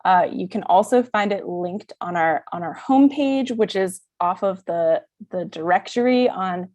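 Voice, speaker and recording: Excited woman plugging resources on a video call, dry close sound. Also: lowish voice, dry recording. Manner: eager, chatty, quick. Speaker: church advocacy staffer. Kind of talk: online panel discussion.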